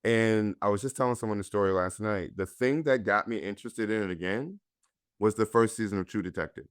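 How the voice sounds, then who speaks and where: A man's voice: on the low side, brisk, clean tone, dry recording, studio quality. A man from North Carolina, an actor guest, earnestly and candidly telling his own story in a conversation.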